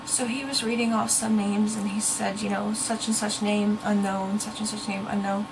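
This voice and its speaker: A woman's voice: mid-range voice, level tone, normal speed, noisy background. A young woman talking earnestly and casually to her viewers, now and then stopping to search for a word. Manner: chatty, earnest, searches for words. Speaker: ghost-hunting vlogger. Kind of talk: casual talk to camera.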